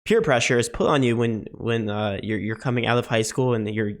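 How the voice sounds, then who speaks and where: A man's voice: medium pitch, fairly quick. A young man in his twenties talking earnestly to his viewers in a personal vlog, his voice nasal from illness, often repeating words as he gathers his thoughts. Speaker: sports betting channel host.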